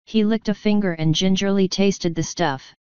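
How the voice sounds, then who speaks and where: A woman narrating an audiobook in a steady, measured reading. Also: medium pitch, smooth, no room sound, dull audio.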